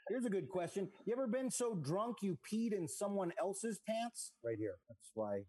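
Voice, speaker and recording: A man's voice: sits high, dark tone, breathy edge, dry recording. Rambling middle-aged man telling jokes. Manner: rambling, self-mocking, lots of fillers. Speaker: comedian. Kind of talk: stand-up jokes on a video call.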